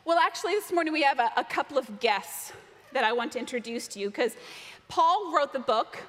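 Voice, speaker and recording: A woman leading a lively children's talk in church, animated with the kids. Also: high-pitched, fairly quick. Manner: animated, shouting out a count. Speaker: children's message leader. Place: church sanctuary. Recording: reverberant church hall.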